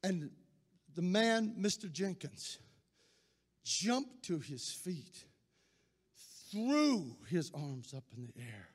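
A man, a pastor giving an impassioned sermon that swells into shouting. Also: high voice, sing-song, drawn-out words, long pauses, husky, long reverb tail.

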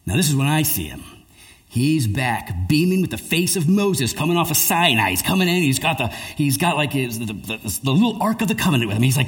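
Male pastor, sermon storyteller, lively swooping pitch, acts out characters. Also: normal speed. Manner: animated storyteller, acts out voices.

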